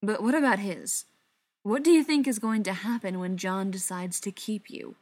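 A woman's voice: mid-range voice, normal speed, a little mellow, close to an everyday voice. A woman reading the lines of a scornful, anxious young man held captive, blunt and mocking.

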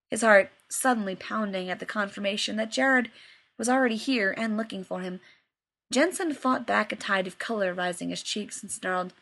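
A woman reading fiction aloud with expressive storytelling. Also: medium pitch, moderate pace, vocal fry. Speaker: reader.

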